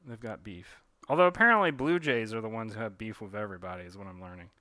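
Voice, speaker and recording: A man's voice: lowish voice, fast talker, bright, forceful tone, no room sound. A man, a comic artist chatting casually on a drawing livestream, rambling with lots of fillers and self-corrections. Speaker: comic artist streaming his drawing work.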